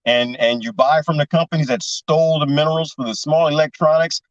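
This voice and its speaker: A man's voice: on the high side, steady tone, brisk, no room sound. Rambling man on a dull, distant mic. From lives in Texas. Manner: rambling, laughs often, conspiratorial. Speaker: livestream host. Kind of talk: casual livestream chat reading comments.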